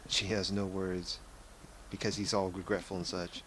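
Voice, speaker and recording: A young man comments casually on his game as he plays. His voice is low and his talk rambles and corrects itself. A faint background noise stays under him. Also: flat delivery, moderate pace, a bit bright. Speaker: let's play gamer.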